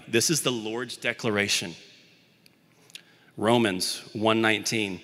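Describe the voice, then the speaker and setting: A young man from the Birmingham, Alabama area preaches a casual, self-deprecating sermon. His lowish voice has a forceful, bright edge. A long reverb trails behind his words, as in a big hall. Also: steady tone, slow, long pauses. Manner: conversational, self-deprecating storytelling.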